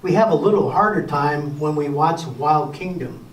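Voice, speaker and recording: An older man presenting a Sabbath school lesson in a relaxed lecture style, folksy and wry with gentle humor. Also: on the high side, normal speed, recorded from a distance. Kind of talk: casual lecture to a class. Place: church classroom. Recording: echoey room recorded from afar.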